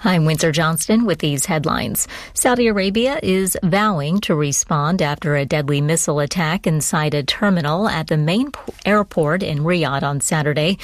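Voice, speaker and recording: A woman newscaster reading the headlines in a measured, formal way from a studio. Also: low-pitched, dry recording. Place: radio studio. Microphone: studio microphone.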